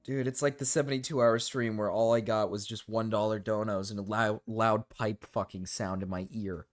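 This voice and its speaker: A young man streaming live and reacting to videos, excitable and giggly, swearing freely. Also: fairly low pitch, normal speed, faint music behind.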